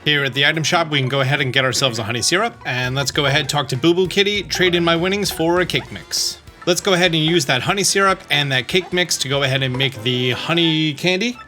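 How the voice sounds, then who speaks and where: Bright-voiced man giving game walkthrough commentary. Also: a little high, fast, hardly any pauses, faint music behind. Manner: relaxed, repeats "let's go ahead". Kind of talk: let's-play commentary.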